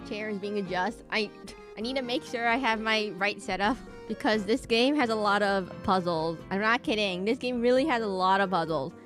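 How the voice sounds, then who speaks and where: A woman's voice: mid-range voice, normal speed, a bit bright, soft background music. Chatty lady vtuber streaming a game, talks on a desk mic, trails off and restarts a lot. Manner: rambling, chatty, frequent laughs and self-interruptions. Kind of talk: casual live-stream chat.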